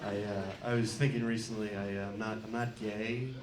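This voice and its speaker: A man's voice: fairly low pitch, flat delivery. Awkward young man doing stand-up. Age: around 20. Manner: awkward, self-deprecating, halting with many "uh"s. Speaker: stand-up comedian. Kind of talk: stand-up comedy set. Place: comedy club stage before a laughing crowd. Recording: echoey club with loud crowd laughter.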